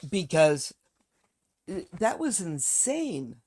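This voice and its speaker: Low, slow-talking blunt woman. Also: animated. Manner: blunt and heavily profane; fired-up ranting to viewers. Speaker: live streamer. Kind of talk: casual live-stream chat.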